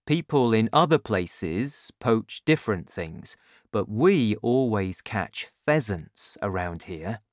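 Gentle patient dad read by the narrator, slow and lilting, dry close sound. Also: mid-range voice, animated, dry recording. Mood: calm, earnest. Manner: slow, measured storytelling delivery. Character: patient, gentle adult father. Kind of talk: audiobook reading.

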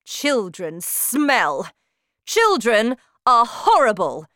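A woman voicing a cruel, bossy female witch leader who shouts her orders with scorn, in a storybook reading. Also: on the high side, wildly swooping pitch, very slow, no room sound, clean studio sound, voice pushed up, exaggerated voice. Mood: scornful, commanding. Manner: shouting, commanding, contemptuous.

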